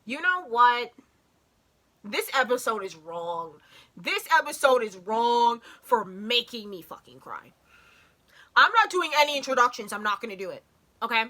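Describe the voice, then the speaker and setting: Gushing, high-voiced woman reacting to a show. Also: normal speed. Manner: gushing, excitable, swears, trails off mid-sentence. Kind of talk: emotional casual reaction commentary.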